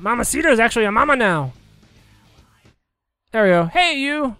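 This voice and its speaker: A young man giving casual, excitable let's play commentary, joking crudely and shouting at the game. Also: very high-pitched, brisk, long pauses, no room sound, soft background music. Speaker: gameplay commentator.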